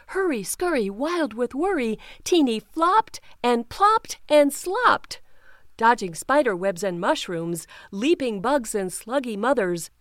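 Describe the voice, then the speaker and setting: Woman storytime reader, higher voice, animated, unhurried read-aloud, dry close sound. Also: no echo. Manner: slow, expressive read-aloud with character voices. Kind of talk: reading picture books aloud.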